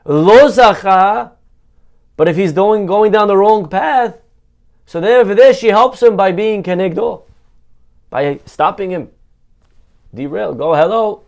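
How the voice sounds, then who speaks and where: A rabbi gives a Torah lesson sermon in a high voice at a measured pace. He's animated, posing rhetorical questions and answering them himself, and repeats phrases for emphasis.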